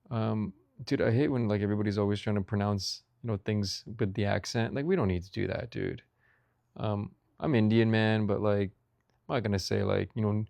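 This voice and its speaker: A man's voice: fairly low pitch, steady tone, a little fast, gravelly, a little mellow, no room sound. A young man vlogging about food in a rambling, profane rant, saying "dude" constantly. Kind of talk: casual ranting monologue.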